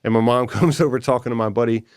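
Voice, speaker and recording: A man of middle pitch talking as a guest on a podcast, rough and casual, swearing freely. He fills his story with street slang and voices the other people in it as he goes. His tone stays conversational and unscripted. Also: fairly even intonation, quick pace, a little mellow. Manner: profane, slangy, keeps saying bro and dude; acts out other people's words mid-story.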